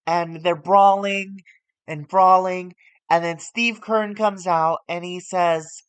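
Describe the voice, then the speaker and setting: Slow, rambling game streamer. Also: medium pitch, steady tone, a bit bright, clear, resonant tone, no room sound. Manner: rambling, with restarts and self-corrections. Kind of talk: casual commentary while playing a wrestling management game.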